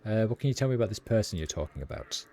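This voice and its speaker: Very fast and animated yet mellow, a man with a lowish voice streams a game, reading all its dialogue and narration in his everyday voice with fillers like um and uh. Music plays behind him, along with a little hiss or hum.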